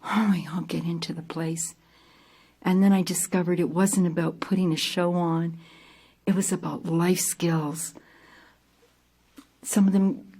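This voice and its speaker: An older woman telling a personal story to an audience, lively and animated, acting out scenes with sudden jumps in pitch and loudness. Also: husky. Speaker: theater company founder telling her story.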